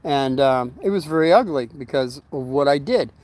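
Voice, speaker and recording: This middle-aged man's medium-pitched voice has a darkish tone and an animated delivery at normal speed. He's at home recording a casual vlog, rambling through a long story with fillers and restarts while briefly acting out other people's voices.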